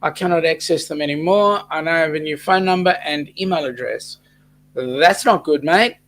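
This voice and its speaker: A man's voice: on the high side, normal speed, fairly bright tone, poor audio. An Australian man hosting a casual livestream chat, reading out viewer comments and answering them. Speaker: host of a weekly cruise chat livestream.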